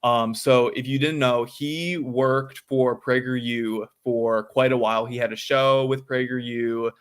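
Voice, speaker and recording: A man's voice: mid-range voice, steady tone, a little slow, clean tone. A nineteen-year-old man, a guest in a casual interview, talking with many ums and likes. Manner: filler-heavy, says "um" and "like" a lot. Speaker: guest, student activist.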